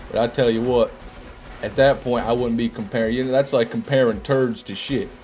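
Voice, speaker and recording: A man's voice: medium pitch, fairly even intonation, brisk, a little mellow, soft background music. A man streaming a game and chatting casually with his viewers, joking and sarcastic as he reads their messages. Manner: joking, sarcastic banter with chat. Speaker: streamer reading chat. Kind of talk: casual live-stream commentary.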